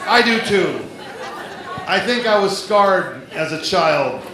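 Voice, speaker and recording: A man doing a stand-up comedy set on a theater stage, chatty and jokey, slipping into quick voice impressions. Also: high-pitched, animated, noisy background. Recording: very echoey live club recording, loud crowd. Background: audience laughter.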